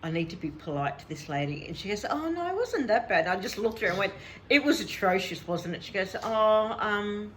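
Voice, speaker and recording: A woman's voice: medium pitch, a little fast, a little hiss or hum. A middle-aged woman, chatting casually as a vlog host and laughing often as she tells a story. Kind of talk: casual chat.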